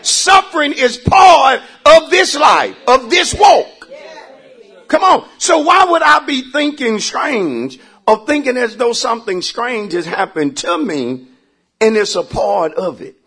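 A pastor preaching to his church, calling for responses and rising into shouts. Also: extremely high pitch, animated, takes it slowly, husky. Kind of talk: call-and-response sermon.

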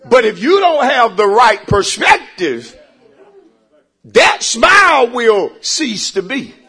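A man preaching in church, calling out for the congregation to answer back. His voice sits very high and sounds husky, and it swings widely as he climbs into shouts. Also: sing-song, takes it slowly. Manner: preaching with rising shouts and repeated calls for response. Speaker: pastor. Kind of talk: call-and-response sermon.

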